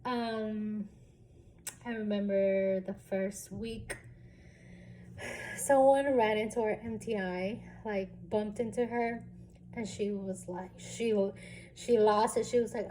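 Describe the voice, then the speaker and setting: A woman's voice: mid-range voice, slow, a little hiss or hum. A young woman vlogging about her own experiences in a casual, candid way, with plenty of fillers and the odd swear word. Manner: candid, relaxed, lots of fillers and some swearing. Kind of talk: casual storytelling vlog.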